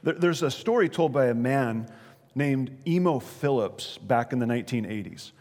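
Speaking at a moderate pace, this man has an expressive, slightly mellow mid-range voice. He delivers a conversational sermon, frequently checking in and putting questions to the audience, with the sound echoing through a long reverberant hall.

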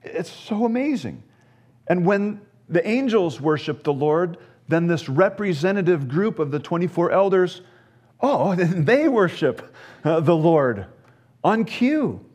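A man's voice: high-pitched, lively intonation, measured pace, a little mellow. Earnest preacher, man with raised voice. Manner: earnest, repeats words when starting, light humor. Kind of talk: sermon.

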